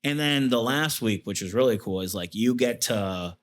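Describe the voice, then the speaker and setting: A military veteran appears as an interview guest, telling stories casually in a rambling way full of fillers and restarts. His voice is medium-pitched and expressive, at a moderate pace.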